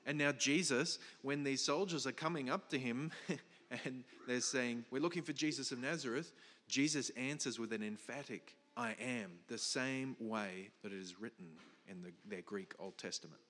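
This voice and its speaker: A man's voice: mid-range voice, moderate pace, fairly bright tone, big-room sound. A man preaching a sermon, explaining a passage with emphatic stresses, some restarts and fillers. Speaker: pastor.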